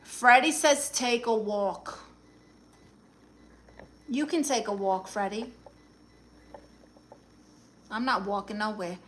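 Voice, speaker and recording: A woman's voice: medium pitch, slight background noise, close to an everyday voice. A woman playing a sassy New York aunt. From Brooklyn, New York. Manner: sassy, quick comebacks, reads chat aloud. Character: brassy, sassy middle-aged aunt playing self-styled therapist. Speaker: live streamer reading viewer comments. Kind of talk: comedic improvised live stream.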